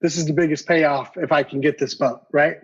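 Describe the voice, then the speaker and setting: A man's voice: fairly high pitch, a little fast, a little hiss or hum. Man telling a story with stammering repeats. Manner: animated, repeats words, acts out dialogue. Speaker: guest collector. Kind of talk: casual storytelling. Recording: dull lo-fi podcast audio.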